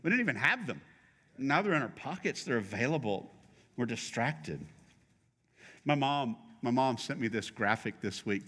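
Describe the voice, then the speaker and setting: A man's voice: mid-range voice, expressive, normal speed, bright, forceful tone, long reverb tail. A middle-aged male pastor preaching a sermon in a conversational, joking way, teasing his congregation.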